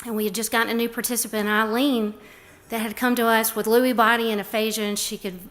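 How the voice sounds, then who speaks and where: Energetic middle-aged woman giving a talk. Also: on the high side, fast talker. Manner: warm, storytelling, acts out quotes. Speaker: speaker on a respite care program. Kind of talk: prepared talk.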